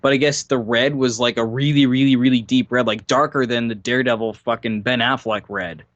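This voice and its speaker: Young man, podcast co-host, mid pitch, laid-back, laughs often, dry close mic. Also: fairly even intonation, fairly quick, fairly bright tone, dry recording, dull audio. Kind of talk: casual chat.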